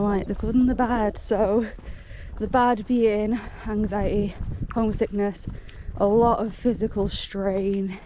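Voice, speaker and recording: An excitable, chatty woman, talking casually to camera while hiking outdoors, laughing often. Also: medium pitch, dull audio, background noise. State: out of breath. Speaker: solo hiker vlogger.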